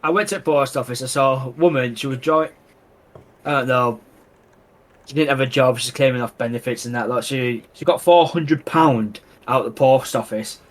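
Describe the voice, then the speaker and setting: A man's voice: mid-range voice, moderate pace. A man co-hosting a podcast, telling chatty anecdotes in casual talk and acting out the dialogue. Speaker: podcast co-host. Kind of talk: casual chat.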